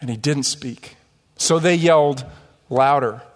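A man preaching a sermon in a church, animated, with mocking asides and rhetorical questions. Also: mid-range voice, a little slow, in a large hall. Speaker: pastor. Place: church sanctuary.

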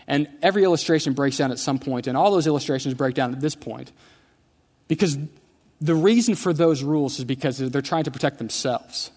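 A man's voice: a little high, fairly quick, a little mellow. Conversational male preacher in reverberant church. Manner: conversational, storytelling with humor. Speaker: pastor. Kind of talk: sermon. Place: church sanctuary. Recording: long church hall reverb.

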